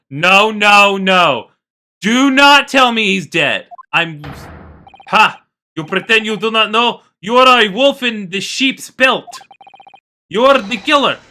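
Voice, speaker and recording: A woman giving let's play commentary, reacting loudly and emotionally. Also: mid-range voice.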